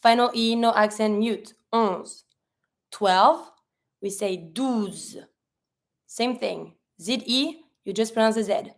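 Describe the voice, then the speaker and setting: A woman's voice: fairly high pitch, slow pace. A woman teaching a French lesson, explaining pronunciation patiently step by step with repeated examples. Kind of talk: online language lesson.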